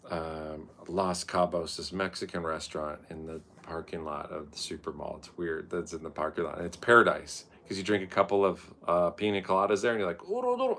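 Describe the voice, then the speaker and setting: Rambling, gravelly-voiced man telling bar stories. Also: low-pitched. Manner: profane, rambling, self-mocking, loud mocking quotes. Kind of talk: casual rambling storytelling.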